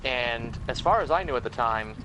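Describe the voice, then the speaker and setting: A man's voice: medium pitch, animated, normal speed, sharp tone, a little hiss or hum, rough recording. A man co-playing on a stream, rambling casually about a past game. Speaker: co-player. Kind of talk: casual gaming chat.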